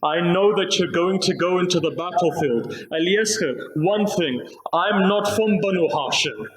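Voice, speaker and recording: Man reciting a slow mournful sermon. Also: sits high. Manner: slow, grieving storytelling delivery. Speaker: Muharram speaker at a mosque. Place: mosque prayer hall. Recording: echoey mosque hall.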